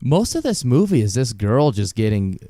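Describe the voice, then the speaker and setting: A man's voice: medium pitch, sing-song, moderate pace, warm tone, no room sound, studio quality. A man hosting a casual podcast, telling a story loosely with lots of swearing and laughter, sometimes reading out quotes. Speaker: podcast host.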